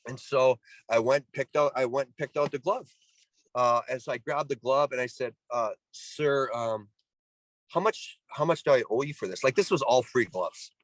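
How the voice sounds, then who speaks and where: A man's voice: mid-range voice, moderate pace, no echo, poor audio. A middle-aged man from Canada, a former pro ball player, telling a story as a guest in a casual interview. He acts out the people he quotes and often restarts his sentences. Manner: animated, acts out quoted voices, many restarts.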